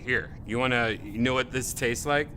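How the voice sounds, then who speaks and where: A man's voice: mid-range voice, normal speed, bright, forceful tone, slight background noise. A man hosting a podcast, in loose casual chat with rambling, laughing riffs. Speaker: podcast host.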